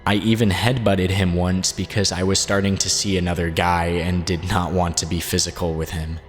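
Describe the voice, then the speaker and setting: A man narrating a documentary, reading a first-person written statement aloud in a steady, measured way. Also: sits low. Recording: long reverb, faint background music.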